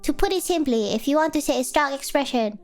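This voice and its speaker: High-pitched woman streaming, sore throat, laughs a lot, faint music behind. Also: animated, fast, darkish tone. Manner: playful, giggly, asks lots of questions. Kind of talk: casual chat with chat.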